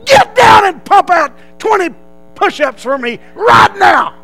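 A man voicing a hard-nosed male army drill sergeant, shouting orders in a high, loud voice. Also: very animated, measured pace, full character voice, low-quality recording. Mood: barking.

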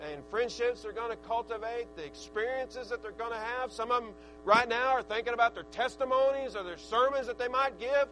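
A man preaching a sermon, with a rhythmic preaching cadence that swells into excited shouts. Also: high-pitched, poor audio. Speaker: pastor.

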